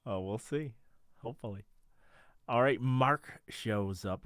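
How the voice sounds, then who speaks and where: A man's voice: medium pitch, takes it slowly, fairly bright tone, no room sound, clean studio sound. A man co-hosting a podcast, recapping a TV episode in casual chat and laughing often. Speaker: podcast co-host.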